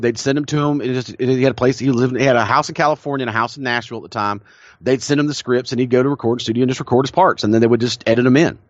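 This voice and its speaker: A man's voice: mid-range voice, no room sound, muffled recording. A man with a Southern American accent, co-hosting a podcast and telling stories with enthusiasm and frequent laughs. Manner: enthusiastic storyteller, laughs often. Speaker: podcast co-host. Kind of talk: casual chat.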